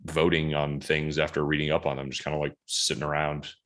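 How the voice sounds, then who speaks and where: A man's voice: rumbling low, completely flat delivery, fairly quick, a bit bright. A man hosting a podcast interview, asking questions in a loose, rambling way. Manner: easygoing, rambling, frequent likes. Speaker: podcast host.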